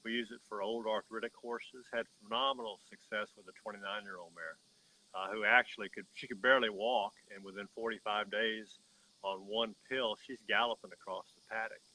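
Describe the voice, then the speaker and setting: A man's voice: fairly low pitch, fairly even intonation, a little fast, sharp tone, poor audio. A man, a horse breeder, telling a story in an emphatic, folksy way during an interview.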